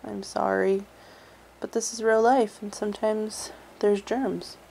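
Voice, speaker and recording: A woman's voice: mid-range voice, little pitch movement, slow pace, vocal fry, a little mellow, a little hiss or hum. A young woman chatting casually in a home vlog, giggly and teasing. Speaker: vlogger. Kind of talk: casual couple vlog chat. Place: home, indoors.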